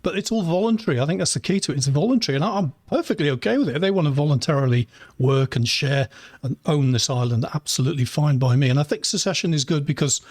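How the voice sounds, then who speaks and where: A man's voice: on the high side, quick pace, darkish tone, no room sound, clean studio sound. A man hosting a podcast interview, asking rambling, chatty questions with plenty of fillers. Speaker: podcast host. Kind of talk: conversational interview.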